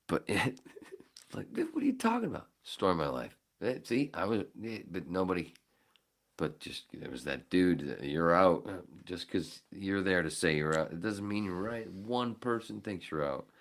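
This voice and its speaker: A man hosting a podcast, telling a story casually with lots of swearing and acting out his own shouting. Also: deep voice, moderate pace. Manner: profane, animated, acts out his own shouting. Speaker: podcast host.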